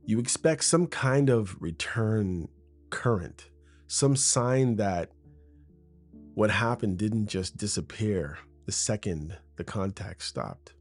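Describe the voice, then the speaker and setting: Husky low-voiced man riffing on a podcast. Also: darkish tone, dry recording. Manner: riffing, talks off script like to a best friend. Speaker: podcast host. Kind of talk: casual rambling monologue. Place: home room in front of a window. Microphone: studio mic with a foam shield.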